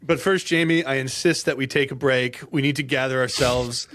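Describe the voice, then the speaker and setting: A man co-hosting a podcast, telling golf history in a casual, animated way, with dramatic flourishes and frequent laughs. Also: mid-range voice, normal speed, a little hiss or hum. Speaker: podcast co-host.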